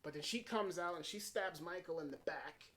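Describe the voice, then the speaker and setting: A man giving a casual spoken film review, excitable and swearing freely as he runs through scene after scene. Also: fairly high pitch, moderate pace. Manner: excitable, swears freely, strings events with "and then". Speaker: movie reviewer.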